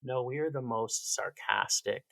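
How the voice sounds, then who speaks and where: A man, a podcast guest chatting casually in a sarcastic, joking, animated way. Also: medium pitch, unhurried, vocal fry, dry recording. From Canada. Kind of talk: casual chat.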